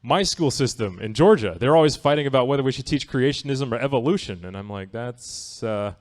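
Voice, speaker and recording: A man's voice: mid-range voice, expressive, fast, darkish tone. A male comedian works through a stand-up set in a comedy theatre, speaking into a handheld mic. His voice sits in an ordinary middle register. He keeps things loose and wry, often asking the crowd "right?". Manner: conversational, wry, asks the audience "right?".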